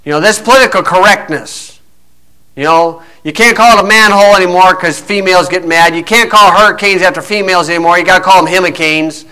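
A man preaches bluntly and scornfully, chatty and folksy, with plenty of fillers. His voice sits high for a man and sounds bright and forceful. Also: fast, low-quality recording.

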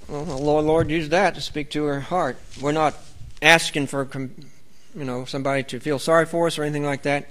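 Male preacher, bright, fairly high voice, earnest and rambling, reads scripture aloud. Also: steady tone, brisk. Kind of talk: sermon.

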